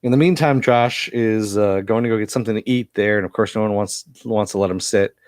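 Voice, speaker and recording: A man recaps a TV episode in a casual, rambling way, with a fairly low voice. He has a cough that keeps breaking through, and the sound is dry and close. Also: fairly quick, a little mellow, dry recording. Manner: rambling with many fillers. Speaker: TV episode reviewer.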